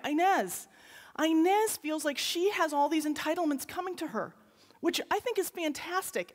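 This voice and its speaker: A woman giving an animated conference keynote, often turning to the audience with a quick "right?". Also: sits high. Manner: lively, animated, talks to the audience with frequent "right?". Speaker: keynote speaker. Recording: long reverb of a large hall.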